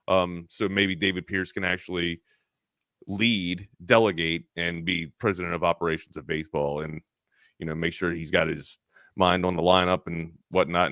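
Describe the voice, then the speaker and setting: A man's voice: low voice, a bit bright, clean tone, no echo, clean studio sound. A man co-hosting a sports talk stream in casual chat, thinking aloud with lots of restarts.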